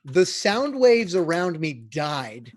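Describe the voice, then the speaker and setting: A man's voice: on the high side, very animated, takes it slowly. A man talking casually as a guest on a round-table podcast, rambling with lots of fillers.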